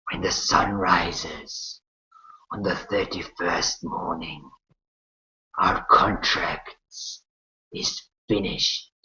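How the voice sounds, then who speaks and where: A man voicing a shadowy winged creature that deals in souls, speaking in a slow, low, half-whispered voice on a muffled lo-fi recording. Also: pushed and bright, heavily acted. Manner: slow, drawn-out delivery. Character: shadowy winged soul-dealing creature, cold and ominous.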